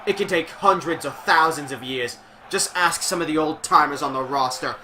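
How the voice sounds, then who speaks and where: A man putting on a rough Scottish accent to read a wrestler's brooding promo, speaking solemnly and dramatically. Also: on the high side, moderate pace, sharp tone, slight background noise. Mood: vengeful. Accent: put-on Scottish, admittedly poor. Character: brooding Scottish male wrestler vowing vengeance.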